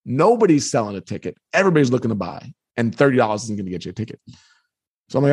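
Animated man in his fifties telling a story. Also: medium pitch, very fast, breathy edge, dry recording. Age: 50s. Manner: animated, with frequent restarts. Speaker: author, guest. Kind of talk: storytelling in conversation.

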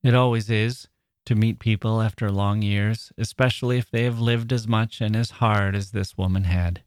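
A man hosting a literature podcast, reading passages from a novel aloud and then commenting on them in a measured, reflective way, sometimes searching for his words. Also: lowish voice, steady tone, no echo, clean studio sound.

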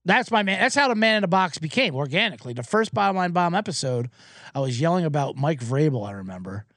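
Excitable, rambling male podcast host. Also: on the high side, fast, no echo. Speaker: podcast host and sports bettor. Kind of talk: casual sports betting rant. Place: small booth, alone.

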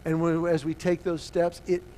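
A middle-aged male preacher with a fairly high voice tells a story in sermon style. He drops to a hush and then rises to near shouting as he acts out the dialogue. A faint hum sits behind him. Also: completely flat delivery, moderate pace. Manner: swings from hushed to loud, acting out dialogue.

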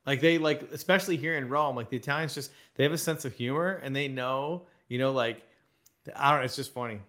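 A man co-hosting a podcast, telling travel stories in casual chat, animated and laughing a lot. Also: medium pitch, brisk. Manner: animated storyteller, laughs often. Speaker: podcast co-host. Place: travelling abroad.

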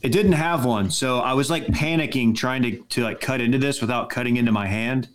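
A man's voice: mid-range voice, brisk, slight background noise. Laid-back man telling a story. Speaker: podcast co-host. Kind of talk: casual chat.

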